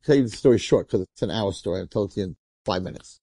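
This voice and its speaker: A man, a rabbi, telling a story in a sermon in an animated, colloquial way and acting out the characters. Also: on the low side, racing, no echo.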